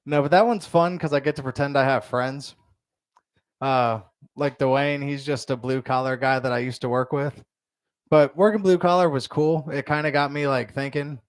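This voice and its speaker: Young man, stand-up comedian, crude rambling delivery, smooth voice, dry close sound. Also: medium pitch, steady tone, normal speed, no echo. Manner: loose, rambling delivery with crude jokes and fillers. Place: comedy show in a bar.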